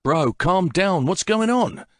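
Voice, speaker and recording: A man's voice: high-pitched, expressive, slow, dry recording, clean studio sound, voice pushed up. A man voicing an agitated, blunt young brother in an audiobook. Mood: alarmed. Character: young man, hot-headed worried brother.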